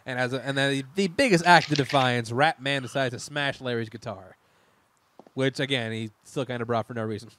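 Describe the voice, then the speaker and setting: A man's voice: medium pitch, a little fast, fairly bright tone, slight background noise. A man in casual podcast chat, recapping a TV miniseries scene by scene, rambling and laughing with frequent restarts. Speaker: podcast co-host.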